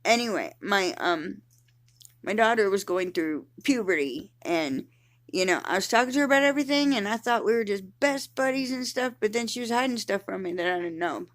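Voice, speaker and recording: A woman's voice: medium pitch, lively intonation, brisk. Candid rambling woman vlogger. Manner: rambling, candid, swears freely, trails off searching for words. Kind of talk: casual personal vlog.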